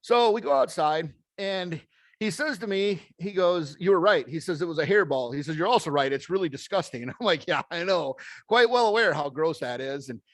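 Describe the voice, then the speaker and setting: A man's voice: fairly high pitch, a bit bright, dry recording, studio quality. A middle-aged man giving a motivational talk to an audience, telling a story in a folksy, plainspoken way and acting out the dialogue. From American Midwest. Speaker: speaker.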